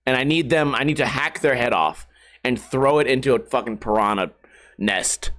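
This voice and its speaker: A man's voice: medium pitch, moderate pace, fairly bright tone. A young adult man ranting on a casual podcast, profane and exasperated, putting on mocking voices when he quotes people. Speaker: skateboarding YouTuber.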